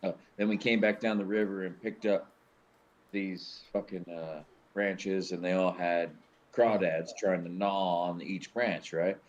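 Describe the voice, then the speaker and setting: A man with a fairly low voice telling laid-back, profane stories among friends. His sound comes through dull and lo-fi, as though the mic has lost its top end. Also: steady tone, measured pace. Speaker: podcast co-host. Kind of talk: casual storytelling.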